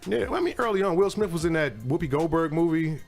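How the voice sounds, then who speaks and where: A man co-hosts a laid-back podcast, teasing his partner and laughing easily. His voice sits a little high and moves a lot in pitch. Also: expressive, quick pace, creaky, soft background music. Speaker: podcast co-host. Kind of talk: casual chat.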